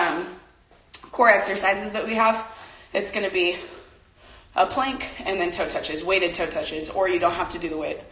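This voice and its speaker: This young woman's voice is lowish with a fairly bright tone as she leads a casual home workout, talking and panting mid-exercise. The room is very echoey and she's captured from afar.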